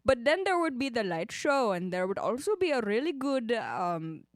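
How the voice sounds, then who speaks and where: A woman's voice: on the high side, sing-song, moderate pace, no echo, clean studio sound. A woman voicing a chatty magician in a put-on Indian accent, rambling along with fillers. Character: chatty magician planning a show.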